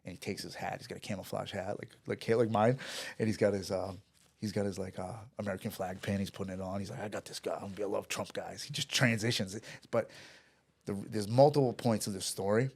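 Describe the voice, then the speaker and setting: A man's voice: lowish voice, fairly even intonation, a little fast, vocal fry. A man telling a story in a casual chat, rambling and profane, with restarts and acted-out dialogue. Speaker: podcast guest.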